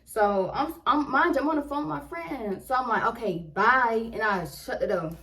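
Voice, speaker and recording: Animated young woman telling a storytime. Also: high-pitched, brisk, low-quality recording. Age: 20s. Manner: animated, slangy, acts out her own quotes. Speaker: vlogger. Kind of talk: casual storytime.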